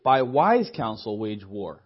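Young male pastor, storytelling sermon style, husky tone, muffled church recording. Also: lowish voice, slow pace. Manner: lively storytelling, acts out dialogue, laughs often. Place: church hall.

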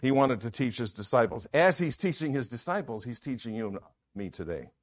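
A man's voice: mid-range voice, animated, a little fast. A man preaching a sermon in an earnest manner, often repeating key phrases.

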